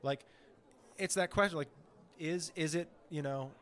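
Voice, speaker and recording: A man co-hosting a comedy podcast in casual, rambling chat, swearing often and acting out quotes in a high voice. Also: measured pace, fairly bright tone. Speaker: podcast co-host.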